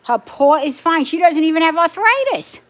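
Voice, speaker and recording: A woman's voice: very high voice, very animated, moderate pace, fairly bright tone. A woman hosting a casual live stream from her phone at home, chatting with viewers and her dogs, firm when she answers comments. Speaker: livestream host.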